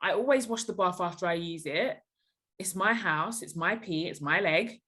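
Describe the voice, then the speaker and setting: A woman's voice: fairly low pitch, normal speed. A young woman as a podcast guest, giving blunt, emphatic advice in a casual chat. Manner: emphatic, blunt, animated reactions.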